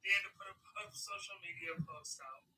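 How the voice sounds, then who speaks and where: A caller telling an animated, gossipy story about voting news. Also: mid-range voice, fairly quick, recorded from a distance, rough recording. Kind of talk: casual political chat.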